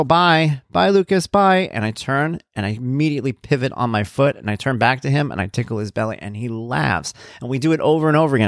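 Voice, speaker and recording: A man's voice: medium pitch, no room sound, clean studio sound. A man talking casually and earnestly as a father about raising his son, in a reflective way. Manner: earnest and reflective, with frequent "you know". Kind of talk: casual personal talk.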